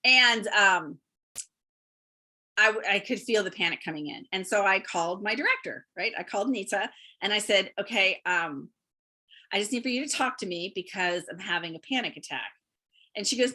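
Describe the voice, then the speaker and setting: A woman guest on a remote interview, telling lively stories about her work and laughing often as she talks. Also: mid-range voice, normal speed, long pauses. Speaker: guest, beauty consultant. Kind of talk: casual storytelling interview.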